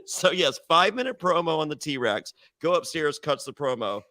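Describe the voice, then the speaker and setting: Animated, rambling storytelling man. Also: fairly high pitch, moderate pace, dry recording. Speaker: reality TV contestant guest. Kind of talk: casual podcast storytelling.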